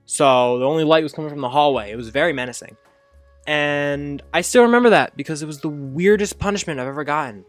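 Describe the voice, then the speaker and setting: Man, casual storytime narration, rambling and self-correcting, high excited jumps when quoting himself as a kid, fairly high voice. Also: fast, no room sound, faint music behind. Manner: animated, acts out his childhood self with sudden high excited jumps. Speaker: storyteller host.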